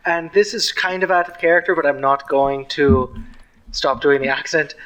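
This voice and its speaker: A man playing his character in a tabletop game, talking in an animated way and swearing freely. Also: a little high, moderate pace, poor audio. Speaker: player.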